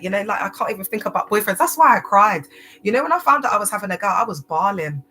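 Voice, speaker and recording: A woman's voice: on the low side, low-quality recording. A woman, hosting a casual livestream, chatty and full of slang, often repeating herself. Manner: chatty, repetitive, slangy, swings loud and soft. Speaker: livestream host. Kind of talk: casual live-stream talk.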